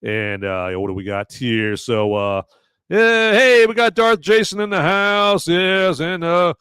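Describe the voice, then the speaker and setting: Guy hosting a live podcast show: loose, profane, swooping pitch, dry close sound. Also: a little slow, clean tone, no echo. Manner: animated and profane, bantering with chat. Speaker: podcast host. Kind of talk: casual live-stream chat.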